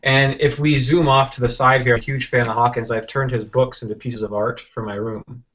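A man as an interview guest, telling a rambling, animated story with many restarts and acted-out quotes over a video call. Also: mid-range voice, a little fast, lo-fi sound. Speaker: interview guest, software entrepreneur.

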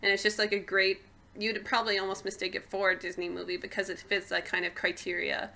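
A young woman from Canada co-hosts a casual podcast, chatty and quick to laugh. Her voice is bright and ringing, sitting at a middle pitch for a woman. She rambles and often leaves sentences unfinished. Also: flat delivery, vocal fry. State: hiccuping. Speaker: podcast co-host. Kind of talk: casual chat.

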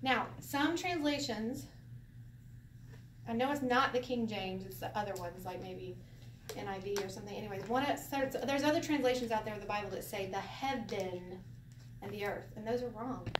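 A woman's voice: medium pitch, normal speed. A woman teaching a Bible Hebrew class in an easygoing way, laughing often and asking her listeners questions. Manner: lively, laughs often, explains with rhetorical questions. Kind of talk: informal Bible class lesson. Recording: roomy echo from a distance, faint background noise.

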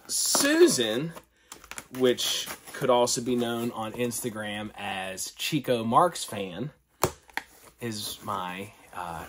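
Excitable man unboxing collectibles. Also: medium pitch, background noise. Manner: excitable, gasping and whispering in delight. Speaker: collector vlogger. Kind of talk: casual unboxing vlog.

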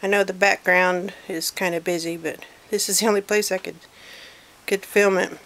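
The crafter's medium-pitched voice is a bit bright, with fairly even intonation and normal speed. She casually presents a handmade miniature in a home vlog, filming with a handheld digital camera in a cluttered room and frequently apologizing.

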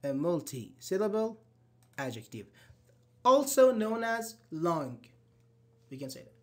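A man teaching an online English grammar class, asking students questions and answering them with uh-huhs and short praise. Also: a little high. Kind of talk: live online grammar lesson.

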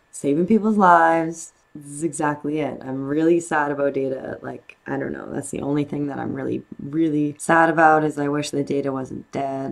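Low gravelly young woman gushing. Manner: gushing, excitable, filler-heavy. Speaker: reaction video host. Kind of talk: casual reaction and review.

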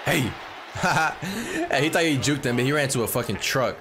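Young male reaction host, mid-pitched, profane and slangy, rambles through football clips. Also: animated, fast talker, music in the background. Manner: slangy and profane, says bro constantly; rambling with frequent restarts. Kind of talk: casual sports highlight reaction commentary.

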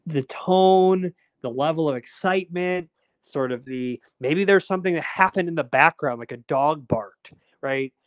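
A man's voice: a little high, moderate pace, no room sound, muffled recording. A man, a documentary filmmaker, chatting casually as a guest and rambling with lots of fillers and restarts. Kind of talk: casual interview chat.

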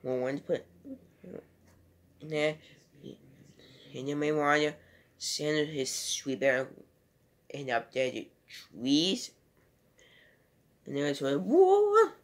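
A man's voice: on the high side, fairly even intonation, slow pace, long pauses, fairly bright tone. A man giving a casual home video movie review and retelling scenes in a rambling, loosely strung way.

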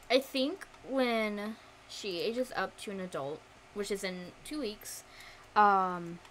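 A woman's voice: mid-range voice, a bit bright, a little hiss or hum. A young woman streaming a life-simulation game, chatting casually to her viewers and coaxing her characters along. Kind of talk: casual gameplay commentary.

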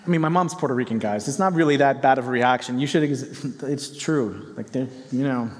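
Speaking briskly at a medium pitch, a pastor tells his congregation a story with tenderness and earnest feeling during a sermon. The large church hall gives the recording a long reverb.

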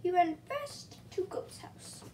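Very high-voiced woman reading a picture book. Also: lively intonation, takes it slowly, darkish tone. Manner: chatty asides to a cat between pages. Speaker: storybook reader. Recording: faint background noise.

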